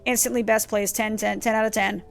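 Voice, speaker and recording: A woman streamer giving casual let's-play commentary, rambling, excitable and profane as she goes. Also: medium pitch, fairly quick, creaky, faint music behind. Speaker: gaming streamer.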